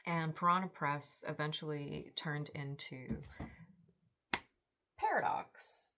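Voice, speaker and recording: A woman's voice: low voice, fairly even intonation, slow pace, background noise. A woman in her forties hosting a book vlog, chatty and enthusiastic in a rambling, casual way. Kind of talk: casual book review chat.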